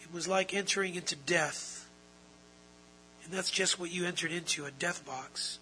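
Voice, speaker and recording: A pastor delivering an earnest sermon in a high, piercingly bright voice. He poses rhetorical questions to the congregation and climbs into loud, forceful passages. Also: steady tone, normal speed, a little hiss or hum, rough recording. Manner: earnest preaching, rising to loud emphatic stretches; asks the audience rhetorical questions. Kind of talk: expository sermon.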